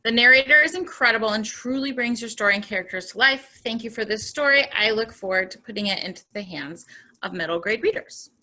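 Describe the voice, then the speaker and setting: A woman's voice: a little high, a little fast, bright, forceful tone. A woman hosting a bookstore author Q&A on a video call, reading audience questions in an upbeat, chatty way. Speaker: bookstore event host. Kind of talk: moderating a Q&A. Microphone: home computer mic on video call.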